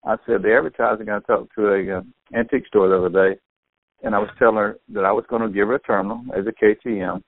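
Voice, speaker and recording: An older man, a store owner telling sales stories excitedly over a tinny phone line, acting out what people said. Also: lowish voice, quick pace, no echo. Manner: excitable storyteller, acts out quotes. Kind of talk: phone conversation.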